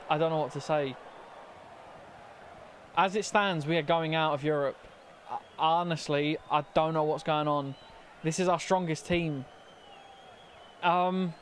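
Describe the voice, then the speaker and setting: A young man with a slightly high voice narrates his own football video game in casual commentary, getting flustered and stammering when plays go wrong. A faint hiss or hum sits under the recording.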